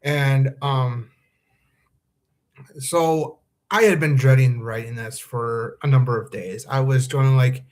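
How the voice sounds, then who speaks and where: A man's voice: medium pitch, fairly even intonation, slow, a little mellow. A man hosting a live fan podcast, talking earnestly and anxiously, with many ums and restarts. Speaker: podcast host. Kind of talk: live-streamed commentary monologue.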